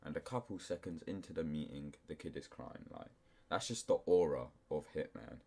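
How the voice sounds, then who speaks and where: A man's voice: extremely low pitch, moderate pace, gravelly, warm tone, breathy edge. A man giving casual, self-deprecating commentary over a clip. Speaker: YouTube commentator.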